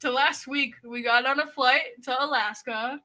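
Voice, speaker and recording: Bright, high-voiced young woman. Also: fairly even intonation, unhurried. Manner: emotional, rambling storytelling with laughs. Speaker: co-host. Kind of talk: casual livestream chat.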